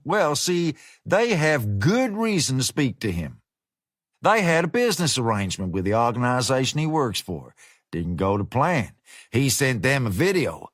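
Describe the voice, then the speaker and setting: A man voicing a smooth, menacing male American fixer who talks with easygoing slang. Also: mid-range voice, fairly bright tone, no echo, clean studio sound.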